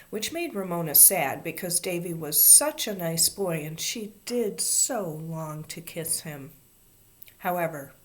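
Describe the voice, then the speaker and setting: A woman with a lowish voice reading a children's chapter book aloud. She tells the story expressively, lifting and dropping her voice to bring the scenes to life. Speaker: reader.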